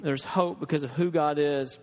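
A man's voice: a little high, steady tone, moderate pace, darkish tone, in a large hall. A man preaching a sermon in an earnest, conversational way, with restarts and asides to the congregation.

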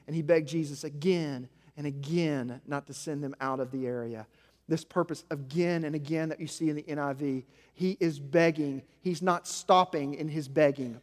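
A man preaching a sermon as senior pastor, swinging between loud emphasis and hushed, low passages. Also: fairly even intonation, moderate pace. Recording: long hall reverb.

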